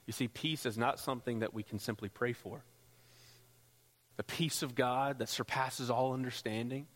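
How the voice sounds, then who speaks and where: A man preaching a sermon as pastor, rising into loud, impassioned passages. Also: fairly even intonation, moderate pace. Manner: builds to loud, high-pitched pleading passages. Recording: long hall reverb.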